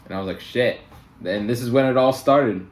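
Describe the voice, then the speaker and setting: A man's voice: medium pitch, moderate pace, roomy sound. A young man telling a personal story in a casual storytime vlog, heated and full of fillers and swearing. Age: young adult. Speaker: vlogger.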